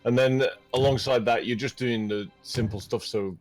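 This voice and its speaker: A man's voice: mid-range voice, fairly even intonation, moderate pace, soft background music. A British man chatting casually while playing a game, explaining things step by step in an easygoing way. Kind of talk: casual gaming chat.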